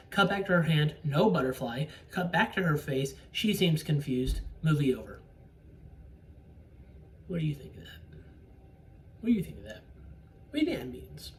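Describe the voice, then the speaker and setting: A casual vlogger recapping a movie's ending with spoilers, rambling and swearing, often sidetracked. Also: mid-range voice. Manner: rambling, profane, easily sidetracked. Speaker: solo movie reviewer. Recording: distant mic with faint room noise.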